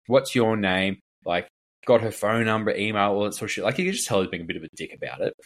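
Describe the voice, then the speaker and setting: A man with a fairly low voice tells a story on a casual podcast. He rambles and leans on filler words. He acts out the voices of the people in the story. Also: expressive, fast, fairly bright tone. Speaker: fitness coach and podcast co-host.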